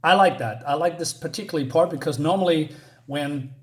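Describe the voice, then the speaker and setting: A man's voice: on the high side, a little fast. Rambling, hesitant man reviewing a comic. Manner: rambling, hesitant, many fillers and restarts.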